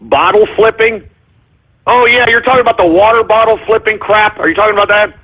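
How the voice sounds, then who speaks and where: A man's voice: high voice, steady tone, fairly quick. A man hosting a call-in radio show, ranting and swearing in an exasperated tone. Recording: tinny phone-like line.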